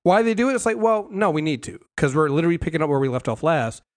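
Animated, rambling male podcast host. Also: fairly high pitch, fast talker. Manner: animated, rambling with many fillers and restarts. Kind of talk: casual TV recap chat.

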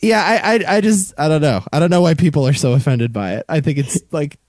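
A man co-hosting a casual film podcast, talking in an exasperated, lively way and swearing freely. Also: a little high, fairly quick, dry recording, studio quality. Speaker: podcast co-host.

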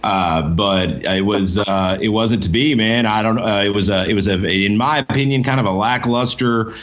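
A man's voice: on the low side, moderate pace, fairly bright tone, dull audio. A man co-hosting a fight podcast, talking casually and tossing questions to his co-host. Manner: conversational, tosses questions to co-host. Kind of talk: casual sports talk.

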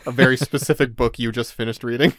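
A man's voice: mid-range voice, fairly even intonation, fast, a bit bright, no room sound. Chatty man on a dry mic. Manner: chatty, laughs often, reads listener mail. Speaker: podcast co-host. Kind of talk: casual chat.

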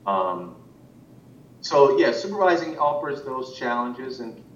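An animation director chats casually in an interview, rambling with plenty of restarts and fillers. He sounds very animated yet slow, and the mic sits at a distance, giving roomy, muffled audio with a faint rumble.

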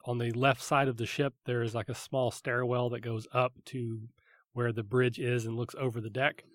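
A man's voice: medium pitch, level tone, normal speed, no room sound. A man running a tabletop game as game master, describing scenes vividly and calling for dice rolls. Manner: vivid descriptive narration with fillers.

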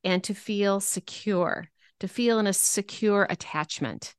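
Female podcast guest, mid-pitched and earnest, talks with a few ums, dry recording. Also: measured pace, clear, resonant tone, no room sound. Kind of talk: casual interview conversation.

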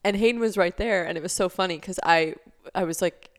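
A young woman with a lowish voice talks a little fast while co-hosting a podcast. She tells a story in a chatty, casual way, with lots of fillers.

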